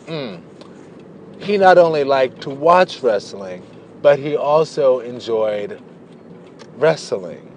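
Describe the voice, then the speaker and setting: A man's voice: medium pitch, slight background noise. A man vlogging, telling a personal story in a chatty, playful way, drifting into tangents and stretching out words for emphasis. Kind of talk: casual storytelling to camera.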